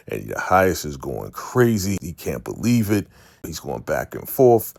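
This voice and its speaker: A man with an extremely deep voice and a gravelly edge casually recaps a TV episode, calling his viewers family. The sound is dry and close. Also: very animated, measured pace, a little mellow, no echo. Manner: chatty, addresses viewers as family. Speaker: recap host.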